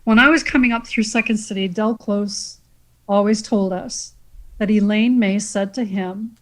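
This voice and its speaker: A woman from Canada, a guest on a podcast, chatting casually and in an animated way. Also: medium pitch, measured pace, low-quality recording. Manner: animated, quotes lines from scenes. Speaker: guest, comedic actress.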